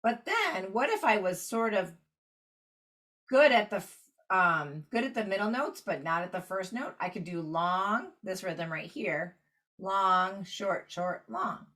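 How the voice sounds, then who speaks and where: A woman's voice: mid-range voice, animated, measured pace, fairly bright tone. Woman teaching clarinet practice steps. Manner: explanatory, walks through steps while annotating. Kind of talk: online workshop lesson.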